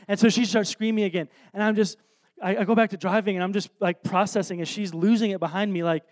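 A man in his thirties preaching through an anecdote, animated and self-deprecating, with lots of restarts. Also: sits high, fast talker. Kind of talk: anecdotal sermon storytelling.

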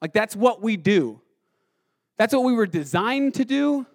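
A young man preaching with a high, light voice. His delivery is animated: he rushes and raises his voice, then drops to a slow, near-hushed tone. He speaks casually, as if talking straight to his congregation. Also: creaky. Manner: animated, swings from fast and loud to quiet and slow. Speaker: pastor. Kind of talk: sermon.

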